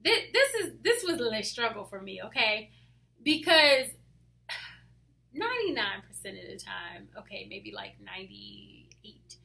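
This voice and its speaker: A woman talking casually about her faith, hyper and animated, often dropping to soft asides. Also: a little high, unhurried, creaky. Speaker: faith vlogger. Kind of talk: casual devotional talk to camera.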